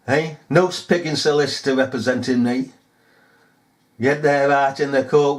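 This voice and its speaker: A man's voice: medium pitch, moderate pace. A man ranting in a rambling monologue, mocking and chuckling as he talks.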